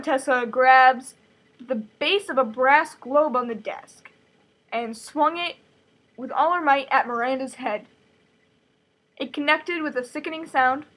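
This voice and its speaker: A woman's voice: high-pitched, a bit bright, low-quality recording. A woman casually summarizing a novel chapter, chatty and full of "like" fillers. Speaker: host reading a novel aloud. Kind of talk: casual book summary with asides.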